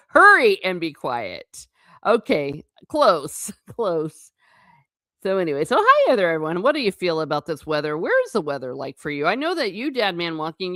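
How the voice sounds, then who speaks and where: A woman hosts a relaxed livestream and talks in a rambling, chatty way, often breaking into laughter and correcting herself. Her voice sits low for a woman. The sound is close and dry, with no room echo at all. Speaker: livestream host; former teacher. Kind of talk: casual livestream chat reading comments.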